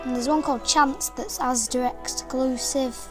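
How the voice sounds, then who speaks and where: A woman's voice: sits high, fairly even intonation, unhurried, loud music behind the voice, poor audio. A woman with a British accent demonstrating toys in a casual, rambling way and often correcting herself. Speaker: toy reviewer.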